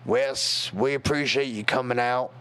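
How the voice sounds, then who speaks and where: A man voicing a gruff, blunt older uncle with a Texan accent. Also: medium pitch, steady tone, measured pace, fairly bright tone, lightly acted.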